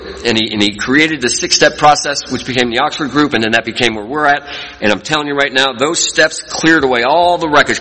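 A man's voice: mid-range voice, pushed and bright, slightly rough. A man sharing his recovery story in an earnest, folksy storytelling way at a meeting. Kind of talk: personal testimony talk. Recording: long hall reverb.

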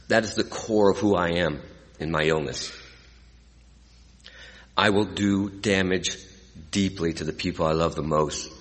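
A middle-aged man from California giving an earnest, emotional personal testimony to an audience as a recovery speaker. He swings from hushed to lively. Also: sits low. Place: hall with a live audience. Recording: long hall reverb.

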